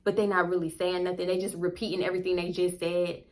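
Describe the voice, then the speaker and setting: A woman's voice: lowish voice, level tone, fast talker. A young woman telling a story to her viewers in a casual, chatty, slangy way. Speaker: vlogger.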